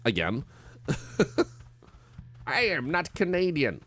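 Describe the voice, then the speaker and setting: With faint music behind him, a very animated man speaks at normal speed in a medium, fairly bright voice, leaving long pauses. He's live-streaming a horror game, chatting loosely with his audience and stammering out self-deprecating jokes.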